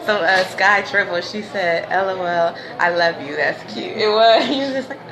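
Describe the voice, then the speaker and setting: A woman's voice: mid-range voice, animated, measured pace, crowd noise. A woman hosting a casual livestream, talking in laid-back slang, laughing often and breaking into preachy bursts. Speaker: livestream host. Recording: noisy ambience behind.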